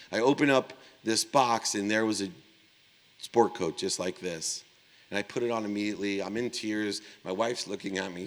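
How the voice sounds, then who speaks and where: A middle-aged man with a very low voice tells a personal story from a keynote stage, acting out what each person said. His words carry a long reverb that fills the big conference hall. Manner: emotional, confessional storytelling with quoted dialogue. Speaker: keynote speaker.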